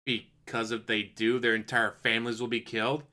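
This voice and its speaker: A man's voice: mid-range voice, level tone, moderate pace, sharp tone. A man streaming commentary, answering a clip with sarcastic, mocking rebuttals. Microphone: desk USB microphone.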